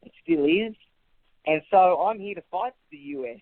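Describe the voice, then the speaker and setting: Heard through a tinny, dry phone line with no room sound, a high-voiced Australian man in his thirties speaks at a moderate pace. As a radio interview guest, he talks with confidence, using punchy rhetorical contrasts.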